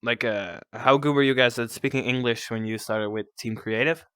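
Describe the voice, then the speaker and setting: A man's voice: mid-range voice, steady tone, moderate pace, pushed and bright, clean tone, no echo, clean studio sound. A young man from the Netherlands with a Dutch accent, hosting a casual podcast chat and teasing his guest. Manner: chatty, teasing, many fillers. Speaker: podcast host.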